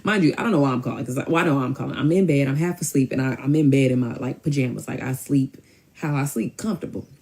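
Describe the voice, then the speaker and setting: Low-voiced woman telling a story. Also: quick pace. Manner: rambling, animated, switches into quoted voices. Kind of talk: casual storytime.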